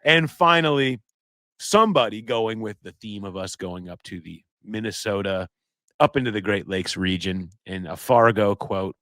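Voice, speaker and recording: Joking Midwestern podcast host, low and dry. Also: male voice, moderate pace, no echo. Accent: Midwestern American. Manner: animated, joking, reads listener submissions aloud. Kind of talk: casual sports podcast chat.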